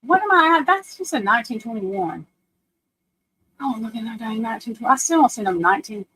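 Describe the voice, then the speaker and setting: Woman host, casual livestream chat, higher voice, rambling and self-mocking. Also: expressive, brisk, fairly bright tone, slightly rough, rough recording. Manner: chatty, self-deprecating, talks to viewers and her computer.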